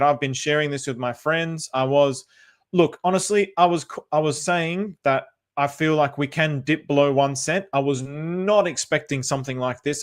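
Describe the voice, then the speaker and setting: An Australian man hosting a casual livestream, chatty and upbeat, greeting viewers by name and repeating phrases as he talks. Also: on the high side. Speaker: livestream host.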